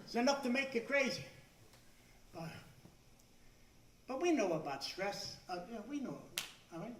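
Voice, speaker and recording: An older man doing stand-up, growing exasperated and shouting his punchlines. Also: extremely high pitch, big pitch swings, moderate pace, a little hiss or hum. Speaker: stand-up comedian. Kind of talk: stand-up routine. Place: club stage before a live audience. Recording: echoey room, far from the mic.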